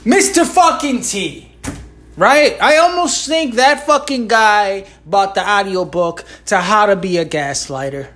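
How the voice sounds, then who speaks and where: A woman's voice: mid-range voice, animated, measured pace, fairly bright tone, a little hiss or hum. A woman hosting a solo podcast, ranting with heavy swearing, sarcasm and constant rhetorical asides. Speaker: podcast host.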